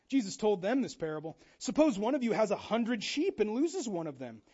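Guy preaching a chatty sermon, really high voice, acts out quotes, kinda muffled lo-fi sound. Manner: animated, acts out quotes with shifting voice. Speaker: pastor.

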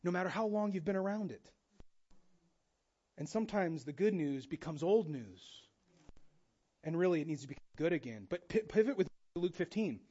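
High-voiced animated male pastor. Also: moderate pace, pauses often, slightly rough, lo-fi sound. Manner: animated, acts out quotes with shifting voice. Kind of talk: sermon.

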